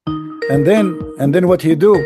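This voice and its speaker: Male debate host, hoarse, high pitch, taunting and repetitive. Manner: mocking, combative, repeats himself. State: losing his voice. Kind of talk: heated call-in debate.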